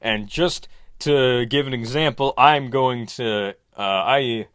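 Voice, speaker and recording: A man voicing a ten-year-old boy villain who rants threats slowly and deliberately. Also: mid-range voice, fairly bright tone, smooth, dry recording, studio quality. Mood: menacing. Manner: slow, deliberate, ranting threats.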